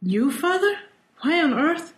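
A man voicing a kindly, gently chiding woman bartender in a much higher voice. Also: takes it slowly, echoey room.

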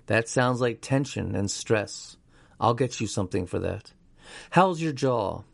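Man doing a calm young male nurse. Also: medium pitch, unhurried, vocal fry, no room sound. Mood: reassuring.

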